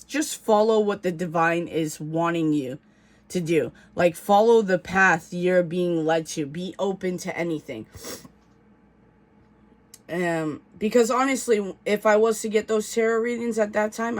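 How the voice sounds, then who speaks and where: Tarot reader vlogging, rambly, lots of ums and restarts, slangy, kinda swears. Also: medium pitch. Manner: rambling, filler-heavy storytelling with many restarts; casual, slangy talk with swearing. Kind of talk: casual tarot reading video.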